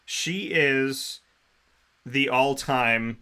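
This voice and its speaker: Male podcast host, lively anecdote teller, mid pitch. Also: takes it slowly, clear, resonant tone. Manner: animated storyteller, laughs and restarts often. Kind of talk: casual chat.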